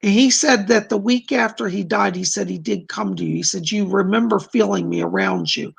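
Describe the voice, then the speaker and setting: Gravelly-voiced man giving psychic readings. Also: high-pitched, fairly quick. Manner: reads viewer questions aloud then relays spirit messages; gentle, reassuring, calls people darling. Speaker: psychic medium doing live chat readings. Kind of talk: live stream chat readings.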